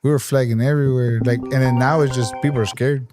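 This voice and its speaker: A man's voice: medium pitch, fairly even intonation, quick pace, over loud music. A man from Texas chatting as a podcast guest, laid-back and rambling, laughing often as he tells stories. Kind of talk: casual chat.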